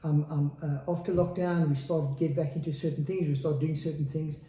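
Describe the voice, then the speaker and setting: A man's voice: on the high side, fairly even intonation, fairly quick, mellow, reverberant, slight background noise. A man in his forties, a podcast guest, speaking candidly and earnestly and repeating phrases for emphasis. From South Africa. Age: 40s. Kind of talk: candid interview talk.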